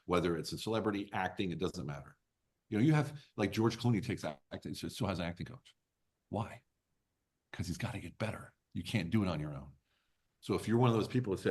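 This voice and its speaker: A man's voice: low voice, lively intonation, quick pace, a little mellow, husky. A man in his fifties, a business coach telling stories as a podcast guest, blunt and emphatic with casual swearing. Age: 50s. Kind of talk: podcast interview storytelling.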